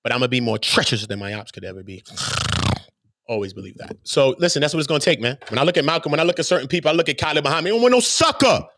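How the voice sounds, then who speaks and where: Man, channel host, ranting monologue, blunt and profane, emphatic, high voice, dry close sound. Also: lively intonation, rapid-fire, fairly bright tone, dry recording.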